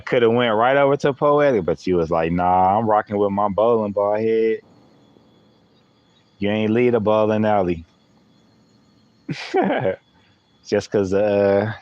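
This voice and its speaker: A man's voice: on the low side, a little mellow, muffled recording. A man using hosts a live stream, chatting playfully with viewers and laughing often. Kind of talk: joking live-stream chat.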